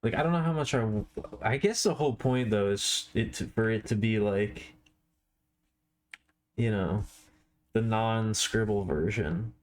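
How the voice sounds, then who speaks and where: A tired man chatting casually on a live art stream, with a slow, drowsy, stoner-like drawl. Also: on the low side.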